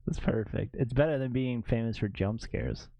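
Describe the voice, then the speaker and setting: A man's voice: medium pitch, moderate pace, warm tone, no room sound, muffled recording. A man chatting casually as a streamer, giggling often and swearing freely. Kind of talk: casual chat.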